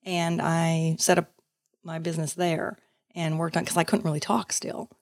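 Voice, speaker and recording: Lady guest w a lowish voice, chatty storyteller, does the voices, laughs a lot, dry sound. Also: normal speed, no echo. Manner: lively storyteller, acts out quoted voices, laughs often. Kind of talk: casual storytelling interview.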